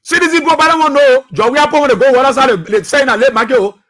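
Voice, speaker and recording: A man with a Liberian English accent giving impassioned political commentary as a radio talk show host, repeating his points and sometimes shouting. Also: very high-pitched, quick pace. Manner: impassioned, preachy, repeats phrases, shouts at times.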